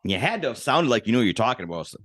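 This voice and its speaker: A man's voice: mid-range voice, very animated, racing, fairly bright tone. A man co-hosting a casual podcast chat, who asks the guest questions and echoes his words back. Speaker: podcast co-host.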